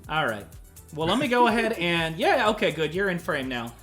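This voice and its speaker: A man's voice: high-pitched, sing-song, normal speed, a bit bright, soft background music. A man hosting a casual streamed talk show, joking and swearing as he introduces a guest. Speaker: host.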